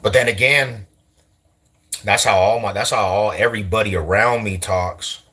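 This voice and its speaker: Deep-voiced slangy Denver man. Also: normal speed. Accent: East Side Denver. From Denver, USA. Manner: slangy, loose, animated, laughs often. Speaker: vlogger. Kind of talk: casual street talk to camera.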